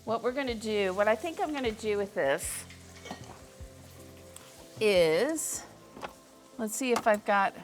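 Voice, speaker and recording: Soft music plays behind a middle-aged woman from Missouri as she hosts a live stream from her home kitchen, rambling casually about cooking with many fillers. She's animated, at a medium pitch, speaking slowly with long pauses.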